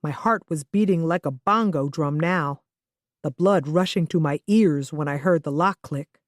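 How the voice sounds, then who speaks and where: A woman narrating a first-person thriller audiobook with steady, even delivery. Her voice sits on the low side for a woman. The recording is dry and close, with no room sound. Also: normal speed, no room sound.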